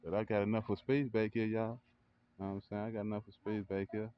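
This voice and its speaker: A man vlogging casually in a backyard, hyping up what he sees with excited cheers and frequent laughs. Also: lowish voice, fast, clean tone, muffled recording. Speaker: vlogger and kennel owner. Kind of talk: casual hype commentary. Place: outdoor backyard by a grill.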